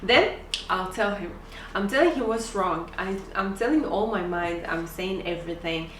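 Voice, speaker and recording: A woman's voice: mid-range voice, moderate pace, a bit bright, a little hiss or hum. A young woman co-hosting a couple's channel, chatting casually and animatedly, often laughing as she tells stories. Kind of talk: casual chat. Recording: roomy, slightly distant mic, faint ambience.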